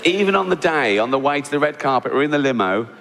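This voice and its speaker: A man's voice: a little high, animated, fast, slight background noise. A man performing a stand-up comedy routine in a dry, mocking manner, now and then acting out voices. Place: large venue with live audience. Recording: live hall reverb, loud crowd laughter.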